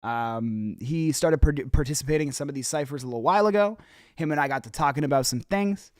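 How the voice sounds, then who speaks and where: A man's voice: fairly high pitch, quick pace, dry recording, clean studio sound. Rambling, cursing young man giving feedback. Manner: profane, rambling, encouraging, many fillers and restarts. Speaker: host. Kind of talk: casual feedback on music submissions.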